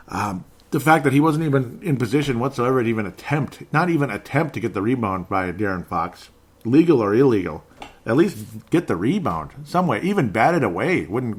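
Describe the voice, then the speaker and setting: In a lowish voice, a man hosts a solo sports podcast and rants with exasperation about a basketball game. He's sarcastic and occasionally laughs at himself.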